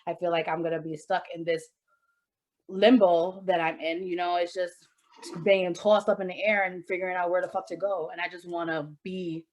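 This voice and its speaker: A woman's voice: fairly low pitch, flat delivery, moderate pace. A woman co-hosting a podcast, talking openly and emotionally about happiness and swearing freely. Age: adult with a child. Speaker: podcast co-host. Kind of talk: candid casual chat.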